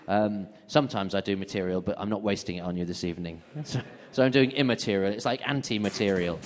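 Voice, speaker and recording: A man's voice: on the low side, fast. A man doing stand-up banter on stage, rambling, self-mocking and sweary. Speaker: comedian hosting a gig. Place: comedy club stage. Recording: live room with long reverb.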